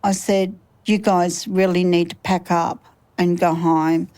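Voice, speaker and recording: A woman's voice: on the low side, little pitch movement, dark tone, poor audio. Woman in her sixties, retelling. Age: 60s. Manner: halting, reliving events, quoting others. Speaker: interviewee. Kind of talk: recounting a personal ordeal in an interview.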